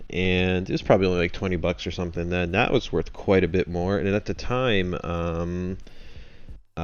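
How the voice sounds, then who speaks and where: A man's voice: sits low, dull audio. A man hosting a livestream in casual chat, rambling with fillers and jokes. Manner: rambling, full of fillers, joking. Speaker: host of a trading livestream.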